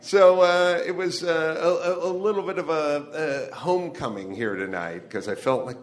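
A man's voice: a little high, normal speed, hardly any pauses. A man from the Los Angeles area performing a stand-up comedy monologue live on stage, ranting with profanity and wry asides.

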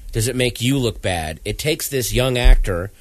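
A man's voice: medium pitch, lively intonation, moderate pace, no room sound. A middle-aged man chatting casually, chiming in with agreement and wry asides. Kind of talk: casual podcast chat.

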